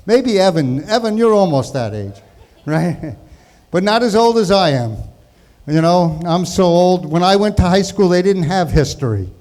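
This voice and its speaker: Older new york guy doing a stand-up set, high voice, jokey and chatty. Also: darkish tone. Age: 60s. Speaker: comedian.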